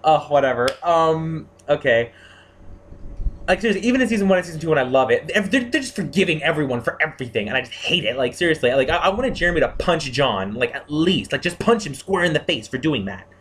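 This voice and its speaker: A man giving a casual spoken review of TV characters, excitable and gushing, full of fillers and restarts. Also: fairly high pitch, quick pace, a little hiss or hum. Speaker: TV series reviewer.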